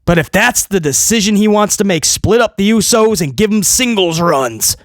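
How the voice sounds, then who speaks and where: A man hosting a wrestling review, ranting sarcastically and swinging between loud mocking outbursts and low muttering. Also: expressive, moderate pace, no room sound, clean studio sound. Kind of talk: opinionated review rant.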